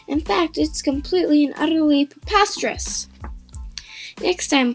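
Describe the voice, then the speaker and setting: High-voiced woman reading a kids' book. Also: measured pace, faint music behind. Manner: playful, mock-protesting outbursts and silly nonsense sounds. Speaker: podcast host. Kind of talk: reading a children's picture book aloud.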